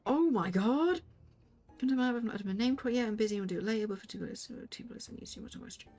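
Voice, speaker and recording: A woman streaming a game live, excitable and gushing, laughing often. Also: fairly high pitch, racing, faint music behind.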